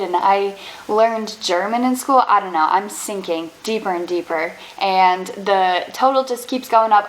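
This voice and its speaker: A young woman from Canada, telling quick, self-deprecating stories about embarrassing moments in a casual storytime vlog. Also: medium pitch, poor audio. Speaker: vlogger.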